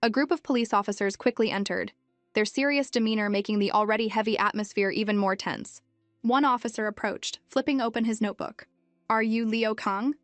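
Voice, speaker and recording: A woman giving scripted narration of a comic story recap in an even storytelling manner. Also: medium pitch, brisk, dry recording, faint music behind.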